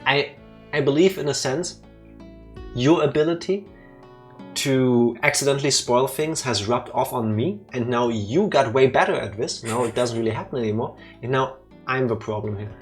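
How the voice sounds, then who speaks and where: A man co-hosting a game let's play, bantering in a teasing, joking way. His pitch sits in an ordinary middle range, and faint music runs underneath. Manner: playful, teasing, quick with wordplay. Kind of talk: casual joking commentary.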